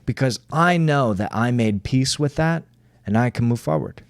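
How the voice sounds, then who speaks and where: A man's voice: mid-range voice, expressive, normal speed, gravelly, dry recording, studio quality. A man co-hosting a podcast in casual chat, earnest and reflective, swearing freely and tagging his points with "right?". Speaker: podcast co-host.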